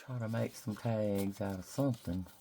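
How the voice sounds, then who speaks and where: Her pitch is extremely low and her tone dark, with a little hiss or hum in the audio. She's a craft vlogger from Mississippi, chatting in a drawn-out Southern drawl and thinking out loud as she crafts at her desk for the camera.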